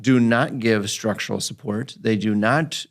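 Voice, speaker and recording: A man's voice: lowish voice, measured pace. A man hosting a physical therapy podcast, telling a patient story in casual chat and acting out the patient's lines. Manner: animated storyteller, acts out his patient's lines.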